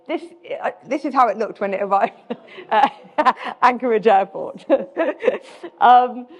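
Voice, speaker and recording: A middle-aged British woman with a British accent, giving a self-deprecating live talk as a guest speaker, often restarting her sentences. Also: medium pitch. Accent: British English. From Britain. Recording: dull sound with long hall reverb.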